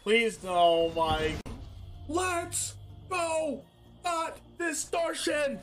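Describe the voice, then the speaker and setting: A man streaming a card game, reacting with yelps, laughter and shouts as he plays. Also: very high voice, lively intonation, drawn-out words, soft background music. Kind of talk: excited gameplay commentary.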